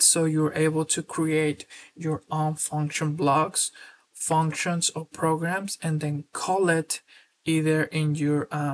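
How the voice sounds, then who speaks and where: A woman presenting a screen-recorded software tutorial, explaining steps steadily and filling pauses with "uh". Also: deep voice. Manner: steady explanatory walkthrough with filler words.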